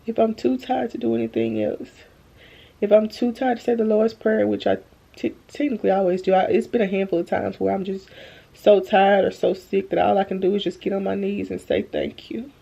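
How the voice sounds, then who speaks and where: A young woman talks earnestly to her viewers on a phone camera at home, drained and holding back tears, slow and halting. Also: medium pitch, flat delivery, gravelly, warm tone, slightly rough, lo-fi sound. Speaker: vlogger. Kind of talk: emotional faith-filled vlog talk. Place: at home, bedroom.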